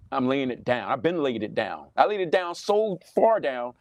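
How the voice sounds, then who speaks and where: A man preaching to camera in a Southern US accent, animated and mocking, often repeating himself. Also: mid-range voice, measured pace, dry recording. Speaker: pastor. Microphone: webcam or phone on a desk, livestream.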